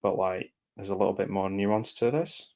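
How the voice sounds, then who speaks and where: A man giving casual live commentary over a film, reacting aloud and often dropping into quiet mumbled asides. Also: deep voice, fairly even intonation, normal speed.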